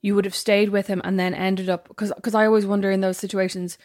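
A woman chatting casually as a podcast co-host, telling animated stories and acting out quotes. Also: mid-range voice, quick pace, no room sound, studio quality. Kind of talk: casual chat.

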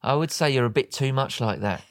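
A man's voice: medium pitch, brisk, smooth, dry recording, studio quality. A man co-hosting a podcast in casual chat, telling rambling stories full of hesitations, laughing often. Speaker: podcast co-host.

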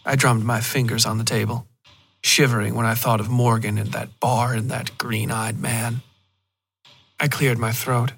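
Male narrator, mid-pitched voice, steady measured horror story reading. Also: vocal fry, husky. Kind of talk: scripted narration.

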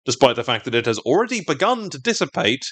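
A man's voice: medium pitch, very animated, fast, fairly bright tone, no room sound. A man co-hosting a podcast, recapping a TV episode in wry, sardonic, talkative chat. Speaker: podcast co-host.

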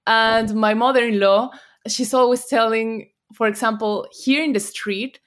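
A woman with a Mexican Spanish accent, a native Spanish speaker, chatting as an interview guest and telling animated stories with frequent laughter. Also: on the high side, measured pace. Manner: laughs often, animated storyteller. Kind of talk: casual interview chat.

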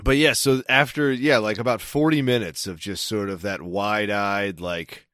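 A man from Maryland with a low-pitched voice tells a long story in loose, casual podcast chat. He swears freely and keeps restarting his sentences. The sound is dry and close, with no room echo. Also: steady tone, normal speed, fairly bright tone. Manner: rambling, profane, self-interrupting.

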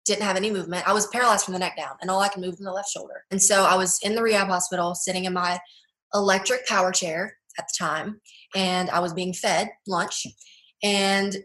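A young woman speaking earnestly and a little haltingly, her sentences full of filler words and restarts. Her voice sits at an ordinary pitch for a woman. The room around her rings with a noticeable echo. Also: fairly bright tone. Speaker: guest. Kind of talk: personal testimony interview.

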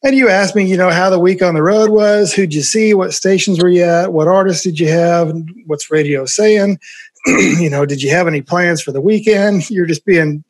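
A man's voice: sits high, normal speed. Man telling a workplace story, laughing. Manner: animated anecdote-telling, laughing often. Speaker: former record label promoter. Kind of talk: storytelling in casual conversation.

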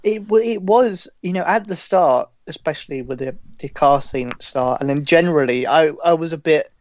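Man, rambling halting film chat, higher voice, dry close sound. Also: no echo, lo-fi sound. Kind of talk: casual film review chat.

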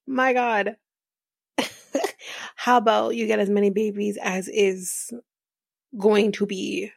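A woman hosting a podcast, casually recapping a reality show in a chatty, rambling way with fillers and soft laughs. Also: medium pitch, flat delivery, takes it slowly, creaky, no room sound, studio quality. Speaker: podcast host.

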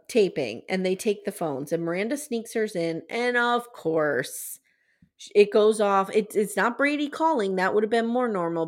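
Chatty woman recapping a TV episode. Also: medium pitch. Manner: animated retelling, acts out quotes. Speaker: podcast host. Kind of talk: casual TV recap chat.

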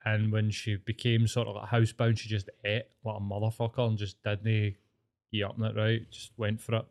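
A Glaswegian Scottish man in his forties co-hosts a relaxed comedy podcast. He tells family stories with salty language and lively impressions of his relatives. His talk is casual and animated. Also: fairly low pitch, a little fast. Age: 40s. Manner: sweary, animated storyteller who acts out relatives' lines. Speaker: podcast co-host.

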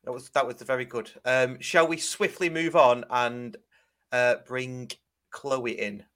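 A man, hosting a fan podcast in casual chat and telling stories in an animated way. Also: mid-range voice, measured pace, clear, resonant tone. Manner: chatty, animated storyteller with restarts. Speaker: podcast host.

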